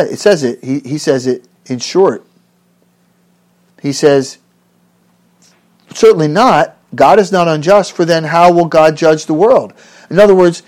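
A man's voice: on the high side, darkish tone. A man preaching an expository sermon in an earnest, emphatic way, rising on rhetorical questions and often restarting his phrases.

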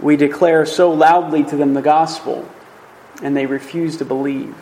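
A man's voice: fairly high pitch, flat delivery, moderate pace, dark tone, rough recording. A man teaching through a Bible passage in a video, emphatic and conversational, often checking in with "right?".

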